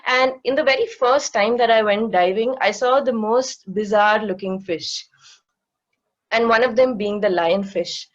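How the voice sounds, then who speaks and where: A woman's voice: medium pitch, muffled recording. Woman giving an online science talk. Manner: explanatory, many fillers. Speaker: guest speaker, marine educator.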